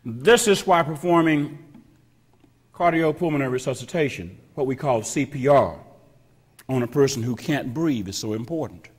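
A man preaching a sermon as pastor, slow and emphatic, repeating phrases with heavy pauses and sometimes dropping to a whisper. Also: medium pitch, animated, breathy edge. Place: church sanctuary. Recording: long reverb of a church hall.

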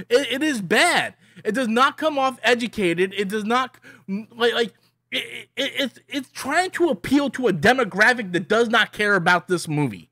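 A man's voice: very high voice, animated, normal speed, sharp tone, no echo, studio quality. A man giving an annoyed, opinionated movie review in a rambling way, full of restarts and repeated words. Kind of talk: casual ranting review.

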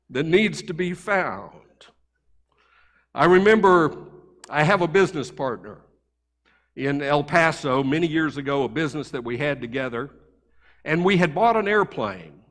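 A man's voice: fairly high pitch, a little slow, pauses often, long reverb tail. A male pastor delivering a sermon through conversational personal stories. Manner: conversational, animated anecdotes. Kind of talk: sermon storytelling. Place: church sanctuary.

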